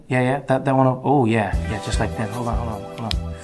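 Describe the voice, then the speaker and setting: A man giving a low, teasing end-screen call to action as a voice-over. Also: fairly even intonation, a little fast, darkish tone. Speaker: channel outro voice. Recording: voice-over with music behind.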